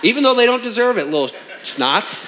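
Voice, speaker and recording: A man's voice: very high voice, big pitch swings, a little fast, pushed and bright, slight background noise. A man in his thirties, a pastor preaching a sermon in an emphatic, conversational way with rhetorical questions.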